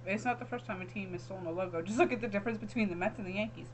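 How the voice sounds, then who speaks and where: A woman's voice: mid-range voice, very fast, a little hiss or hum, low-quality recording. A woman from Long Island, hosting a casual chat podcast and teasing her co-host. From Long Island, New York. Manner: laughs often, teasing.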